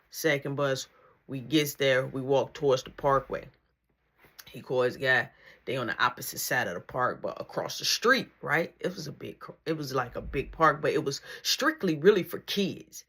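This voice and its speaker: A young man casually retelling a story with animated, slangy delivery. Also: mid-range voice, normal speed.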